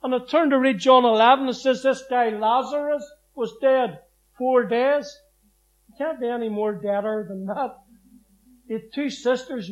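A man's voice: extremely high pitch, highs cut off. A man giving his personal testimony as a preacher, telling the story with emphasis and acting out the scripture he quotes.

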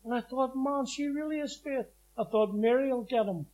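A man's voice: very high voice, moderate pace, darkish tone, low-quality recording. A man giving his personal testimony as a preacher, telling the story with emphasis and acting out the scripture he quotes.

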